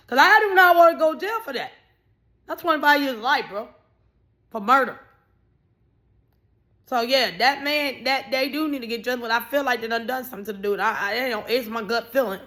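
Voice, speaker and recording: A woman giving casual, ranting commentary, blunt and animated, swearing freely and raising her voice in bursts. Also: a little high. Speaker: vlogger.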